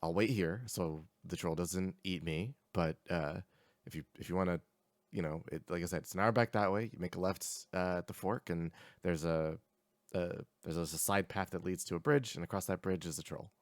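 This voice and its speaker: A sulky young satyr, played by a man, grumbles and stumbles over his words. The voice sits low and the sound is dry and close. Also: steady tone, no echo. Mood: grateful. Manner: sulky and complaining, halting speech. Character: whiny young male satyr hauling stones.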